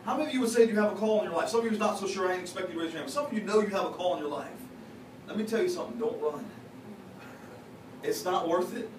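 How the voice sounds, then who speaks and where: His voice high-pitched and rapid-fire, a pastor preaches folksily and conversationally in a church sanctuary, trading confessions and teasing those in the pews. An echoey, distant, noisy recording captures it.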